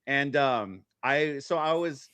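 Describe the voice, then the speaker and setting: A man, a guest on a stream, talking casually in halting bursts, with restarts and an uneven pace. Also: mid-range voice, pushed and bright, smooth, no room sound. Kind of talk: casual chat.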